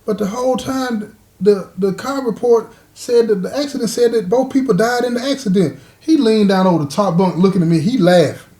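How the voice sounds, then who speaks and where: A man casually telling a personal story to his listeners, animated and full of asides. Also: high-pitched, a little fast, few pauses. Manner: animated, talks straight to listeners with frequent asides.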